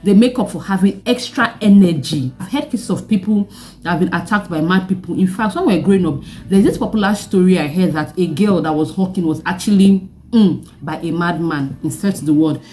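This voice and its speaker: A young Nigerian woman with a Nigerian accent, telling a personal story in a vlog with animated delivery and laughing asides. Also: on the low side, brisk, soft background music. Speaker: vlogger.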